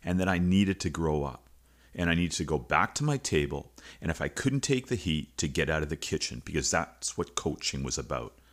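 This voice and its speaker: Deep-voiced middle-aged male coach, earnest confessional storyteller, podcast host. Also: expressive, normal speed. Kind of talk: reflective personal storytelling.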